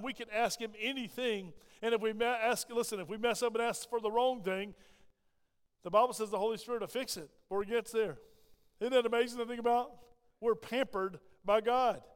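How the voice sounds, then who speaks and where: Male preacher, high clear voice, church hall reverb, emphatic sermon. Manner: emphatic, rising and falling preaching delivery. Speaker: pastor. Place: church sanctuary.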